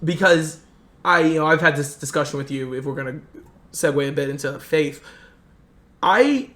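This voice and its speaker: A young man in casual chat, telling a long story in an animated way and acting out what others said. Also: a little high. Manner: animated, fast storyteller who acts out quotes. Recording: roomy echo.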